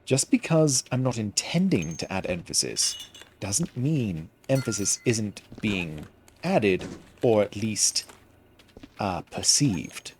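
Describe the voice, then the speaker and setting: A man giving casual gameplay commentary into a headset, pausing often to find the next word. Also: on the low side, sing-song, a little hiss or hum. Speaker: gaming streamer.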